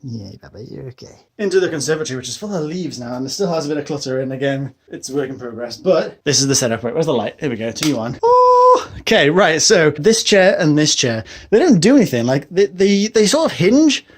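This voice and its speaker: A man's voice: on the high side, lively intonation, fast, few pauses. A young British man vlogging a casual tour of his house, chatty and rambling, often exclaiming and laughing at himself. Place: a house, indoors.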